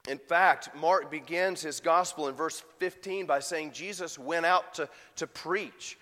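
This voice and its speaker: A man's voice: high voice, fairly bright tone, big-room sound. A man preaching a sermon and putting rhetorical questions to his congregation. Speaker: pastor.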